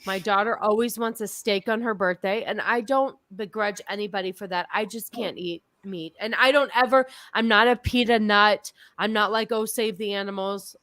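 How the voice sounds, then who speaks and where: A woman's voice: medium pitch, steady tone, moderate pace, few pauses, fairly bright tone, no echo. A woman in her forties hosting a casual livestream chat, talking loosely and exclaiming now and then. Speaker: podcast host.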